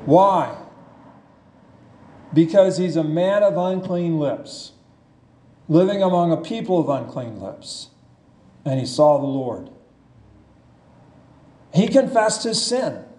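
Slow, high-voiced preacher in an echoey sanctuary. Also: male voice, expressive, mellow. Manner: slow, emphatic preaching, reading scripture aloud. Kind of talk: sermon. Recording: echoey church room.

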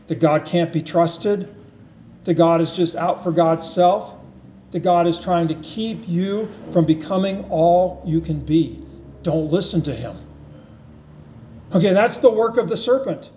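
A man preaches with a high voice and a slow, deliberate pace. He leans into scripture passages, stressing key words as he retells them to his listeners. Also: a little hiss or hum. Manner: expressive preaching, quotes scripture with emphasis. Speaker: pastor. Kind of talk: sermon.

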